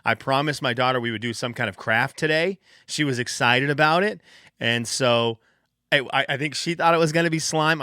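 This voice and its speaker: Bright, lively dad podcaster. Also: male voice, mid-range voice, brisk, no echo, clean studio sound. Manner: animated storytelling, acts out quotes of his kids. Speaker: podcast host. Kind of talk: casual solo podcast chat.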